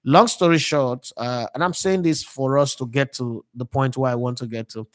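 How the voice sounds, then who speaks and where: Mid-range and moderately paced, this voice belongs to a Nigerian man in his thirties, recorded with clean studio sound and no room sound. He hosts a sports channel, wandering through stories in a casual monologue and drifting into pidgin as he goes.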